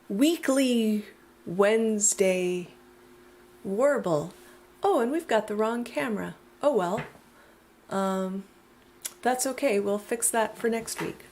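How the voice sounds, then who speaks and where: A woman's voice: medium pitch, a little mellow, a little hiss or hum. A young woman hosting her own live music stream, talking casually and rambling with asides. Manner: chatty and rambling, frequent ums and asides. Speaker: singer-songwriter hosting a weekly live stream. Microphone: computer webcam setup.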